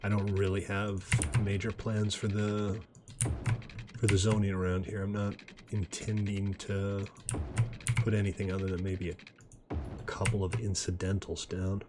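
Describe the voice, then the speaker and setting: A man casually commenting on his city-building game as he plays, relaxed and chatty with self-deprecating asides. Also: on the low side, a little slow, long pauses, heavy background noise. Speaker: gaming video host. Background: faint mouse clicks and typing.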